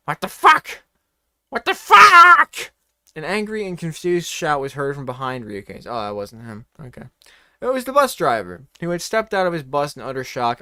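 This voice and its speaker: A man's voice: on the high side, clean tone, no echo, studio quality. A man reading a comedic story aloud in a playful, mock-dramatic way, breaking off for joking asides.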